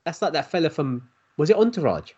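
A man with a husky, slightly high voice talks quickly with lively, bouncing pitch. He is an eager co-host who often restarts sentences. The audio is dull and lo-fi. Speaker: podcast co-host. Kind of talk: casual chat.

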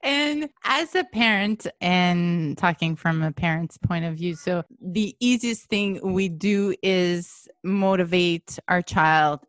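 A woman hosting an interview who asks questions slowly and keeps murmuring agreement. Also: on the low side, lively intonation, dry recording. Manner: slow, supportive, frequent murmurs of agreement. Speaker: interviewer, host.

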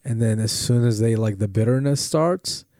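A man, a comedian, chatting casually on a podcast, rambling and animated with frequent restarts. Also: mid-range voice, moderate pace, no echo, clean studio sound.

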